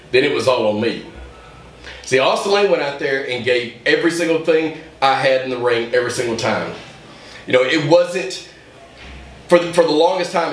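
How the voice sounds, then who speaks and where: Wrestler guy cutting a fired-up promo, sounds kinda far from the mic in an echoey room. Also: medium pitch. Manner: intense, builds to heated. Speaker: pro wrestler. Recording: roomy echo, voice off-mic.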